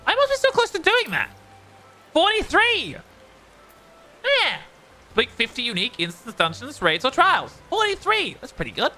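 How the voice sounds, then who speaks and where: Australian man, streamer, casual gaming commentary, wildly animated pitch, faint game music behind. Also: normal speed, long pauses. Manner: giggly, chatty, rambling.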